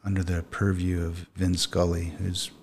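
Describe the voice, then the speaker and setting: A man with a very deep voice talks easily in a casual podcast chat. A faint hiss sits behind him. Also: completely flat delivery, normal speed, gravelly, darkish tone. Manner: easygoing, brief listener responses.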